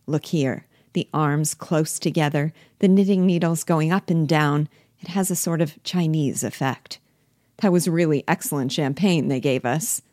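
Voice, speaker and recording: A woman reading the part of a fussy, patronizing husband in a low, dry voice, lecturing and pleased with himself. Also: moderate pace, a little mellow, no room sound, close to an everyday voice. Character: self-satisfied husband, a man, fussy and patronizing. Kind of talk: reading a play aloud.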